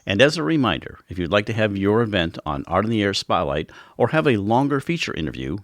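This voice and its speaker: A man co-hosts a radio arts program, reading announcements and putting easygoing questions to a guest. His voice sits on the low side and is recorded dry and close. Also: big pitch swings, fast, hardly any pauses, no room sound. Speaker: radio co-host. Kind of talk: radio hosting and interviewing.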